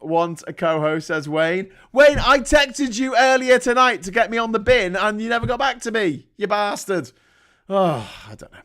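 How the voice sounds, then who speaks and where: A man hosts his own live stream and rants in heated, profane, sarcastic commentary. His voice sits high for a man and swings between loud outbursts and quieter asides. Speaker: livestream host.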